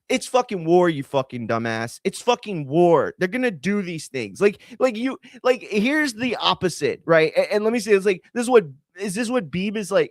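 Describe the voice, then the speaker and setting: Recorded with no room sound, a fairly high-voiced combat sports podcast host goes on a rambling, profane, heated rant packed with fillers, a casual airing of his opinions.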